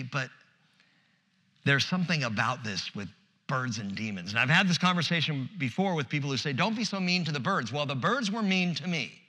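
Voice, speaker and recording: A man preaching an expository sermon as pastor, animated and conversational, with humorous asides. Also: mid-range voice, long reverb tail.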